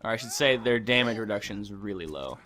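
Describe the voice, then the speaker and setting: A man's voice: lowish voice, lively intonation, a little fast, pushed and bright. A young man hosting a gaming channel, chatting casually and ranting with lots of swearing while he plays. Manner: ranting, profane, rambling. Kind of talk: casual let's-play commentary.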